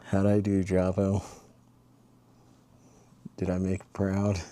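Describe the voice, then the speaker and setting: Male vlogger, low-pitched, slow and meandering, casual storyteller. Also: monotone, warm tone. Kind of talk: casual late-night vlog chat.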